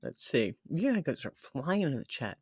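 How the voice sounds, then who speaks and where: A woman's voice: a bass voice, very animated, unhurried, a little mellow, husky, no room sound, studio quality. A woman hosting a casual live stream who chats freely, laughs often and reads comments from the chat aloud. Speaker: livestream host.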